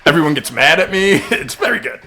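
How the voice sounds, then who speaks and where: A man's voice: a little high, big pitch swings, fairly quick, bright, forceful tone. A young man on a comedy podcast, telling crude stories and laughing through them. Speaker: comedian guest. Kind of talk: casual podcast chat.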